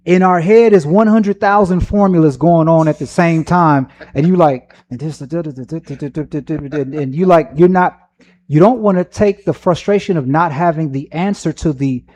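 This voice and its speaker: A man's voice: a little high, normal speed, darkish tone. A man leading a church question-and-answer session in a casual, joking way, using slang, laughing often, and acting out little quotes. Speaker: church Q&A leader. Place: church meeting room with a microphone.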